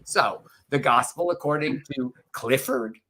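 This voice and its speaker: A man's voice: medium pitch, unhurried, bright, forceful tone. A man co-hosting a live news chat show, telling stories in a gossipy, playful way. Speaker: co-host.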